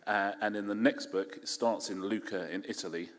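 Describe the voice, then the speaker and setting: A fairly quick-speaking man with an English accent, a lowish voice, and fairly even intonation is an author appearing as a festival guest. Talking casually on stage in a big hall, he's chatty and jokes at his own expense; the recording is echoey with faint noise behind him.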